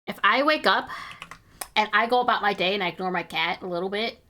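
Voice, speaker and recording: Bright-voiced giggly woman streamer. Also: mid-range voice, fairly quick, slight background noise. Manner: giggly, chatty and self-mocking. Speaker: streamer and artist. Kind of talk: casual chat while drawing.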